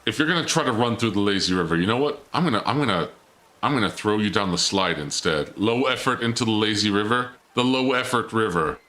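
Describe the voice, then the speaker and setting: A man's voice: fairly low pitch, expressive, brisk, pushed and bright. A male streamer giving live gameplay commentary, teasing and taunting in a playful, theatrical mock-villain way.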